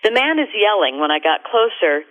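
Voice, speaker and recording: A middle-aged woman tells a story as a guest on a radio interview. She is animated and expressive, and her voice sits at an average pitch. The sound is thin and tinny, like a phone line. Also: moderate pace. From America.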